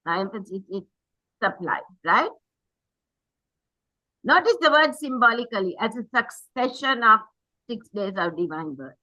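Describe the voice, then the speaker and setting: A woman's voice: on the high side, lively intonation, measured pace, long pauses, sharp tone, no echo, poor audio. A woman preaching a sermon in an earnest, emphatic way, reading quotations aloud and correcting herself as she goes.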